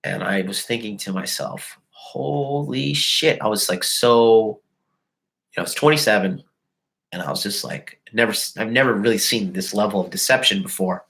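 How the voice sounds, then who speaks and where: A man's voice: fairly low pitch, normal speed, a bit bright, low-quality recording. A man hosting a live show and casually telling a crude, profane story to his chat, mocking the people in it with put-on voices. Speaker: host.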